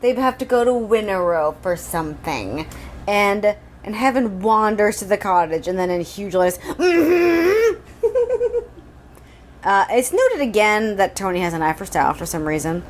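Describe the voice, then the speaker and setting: A woman's voice: medium pitch, lively intonation, normal speed, slight background noise. A woman co-hosting a podcast, recapping a book from her notes in a wry, giggly way. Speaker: podcast co-host. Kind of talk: casual book-recap chat.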